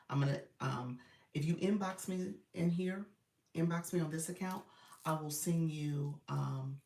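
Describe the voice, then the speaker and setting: A woman's voice: low voice, a little mellow. A woman coach chatting casually on a live stream, loose and talkative with lots of fillers. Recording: roomy, distant phone audio.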